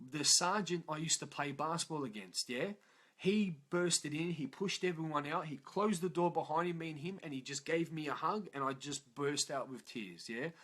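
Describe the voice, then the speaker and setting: Aussie male, emotional first-person storyteller, coarse and unpolished, voice a touch higher than most men. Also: fairly bright tone. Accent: Australian. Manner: raw, profane, emotional, frequent "yeah?" tag questions. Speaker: motivational vlogger.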